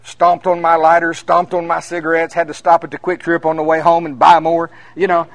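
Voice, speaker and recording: A minister preaching at a conference, telling folksy stories that climb to emphatic peaks. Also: male voice, a little high, completely flat delivery, brisk, dry recording. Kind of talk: conference sermon.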